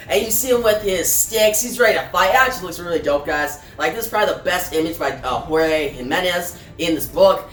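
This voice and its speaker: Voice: medium pitch, lively intonation, a little fast, hardly any pauses, a bit bright. A reviewer casually retelling a comic book issue, adding fillers like "right?" and "guys". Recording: echoey room, far from mic, faint music.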